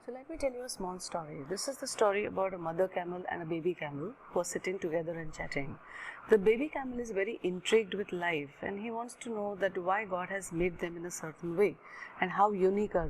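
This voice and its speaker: A woman giving a motivational lecture as a guest speaker, earnest and measured, leaning into key points. Her voice is mellow and warm in tone. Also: lowish voice, a little hiss or hum.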